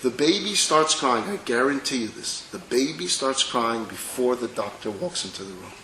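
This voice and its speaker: A male rabbi lectures to an audience with lively, dramatic storytelling. His voice is bright and forward, and it rings in an echoey hall with faint background noise. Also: mid-range voice, normal speed. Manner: animated, dramatic storyteller, drops to soft intimate tones.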